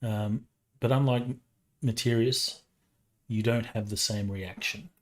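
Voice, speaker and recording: Man, game master, slow, hesitant, lots of fillers. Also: on the low side, steady tone. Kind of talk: narrating a tabletop game.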